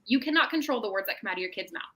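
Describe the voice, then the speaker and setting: A woman's voice: medium pitch, lively intonation, rapid-fire, sharp tone, poor audio. A woman, a mental health professional, giving parenting advice in a casual podcast chat, often checking in with "right?". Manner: explanatory, tags statements with "right?".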